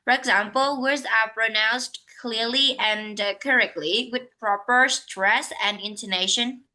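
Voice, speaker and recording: A woman with a Vietnamese accent tutoring English in an online one-on-one lesson, speaking slowly, repeating herself and correcting her own words. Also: a little high, steady tone, pushed and bright, low-quality recording.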